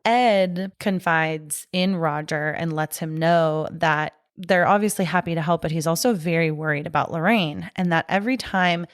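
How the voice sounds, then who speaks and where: A woman's voice: lowish voice, normal speed, few pauses, no echo, clean studio sound. A woman co-hosting a podcast, retelling a horror film scene by scene in a chatty, casual way with lots of "like". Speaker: podcast co-host.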